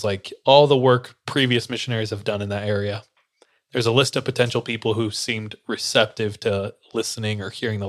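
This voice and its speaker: A man's voice: on the low side, fairly bright tone, dry recording, clean studio sound. A young man, a podcast co-host, telling a story in casual chat and acting out the lines of the people in it. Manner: loose, laughing, acts out quotes.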